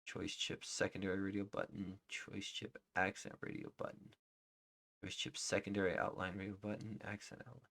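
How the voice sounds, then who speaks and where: A man live-streaming his coding, reading out names as he checks them and thinking aloud, often trailing off into quiet murmurs. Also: sits low, flat delivery, normal speed, creaky. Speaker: livestreaming software developer. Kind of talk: casual live-coding commentary.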